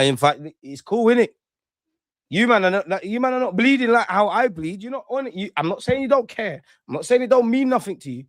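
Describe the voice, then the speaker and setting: A man, hosting a casual livestream, talking in slangy, animated bursts that swing between loud and muttered. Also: a little high, no room sound, studio quality. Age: 30s. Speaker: livestream host.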